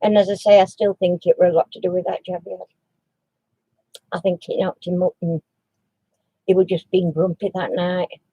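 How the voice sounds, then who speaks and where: A woman's voice: fairly low pitch, level tone, moderate pace, long pauses, dark tone, husky, no echo, rough recording. A woman, chatting casually on a crafting live stream, rambling with many restarts. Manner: coos baby talk to her dog.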